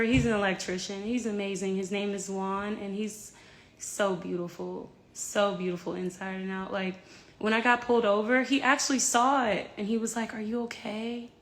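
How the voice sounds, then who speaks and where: A woman's voice: medium pitch, a bit bright. A woman in her thirties chatting casually to camera at home, candid and rambling, swearing freely. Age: 30s. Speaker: singer filming herself at home. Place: home with a yard.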